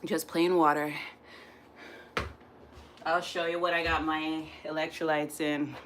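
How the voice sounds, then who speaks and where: A woman's voice: deep voice, measured pace, slight background noise. A woman fitness instructor, coaching a live workout with whoops and encouragement. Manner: energetic, whooping, encouraging, says "y'all".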